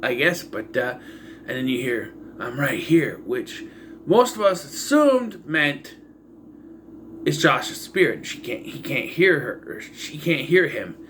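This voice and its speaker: Man, casual film review, bright forceful voice, slightly high, loose rambling delivery, dry exasperation. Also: sing-song, slow pace, slight background noise. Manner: rambling, loose retelling with frequent asides and fillers; dry, exasperated commentary on plot holes. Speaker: movie reviewer.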